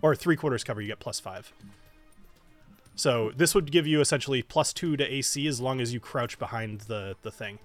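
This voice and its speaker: A man's voice: medium pitch, moderate pace. A man narrating as game master of a tabletop game, talking with lots of fillers, restarts and laughter. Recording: music playing faintly behind.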